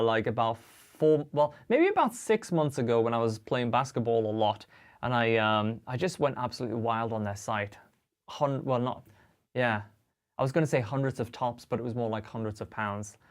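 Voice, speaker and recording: A young man hosting a guitar livestream, chatting casually and cheerfully with viewers and reading out their comments. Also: medium pitch. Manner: chatty and upbeat, greets viewers and reads chat aloud. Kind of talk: casual live-stream chat.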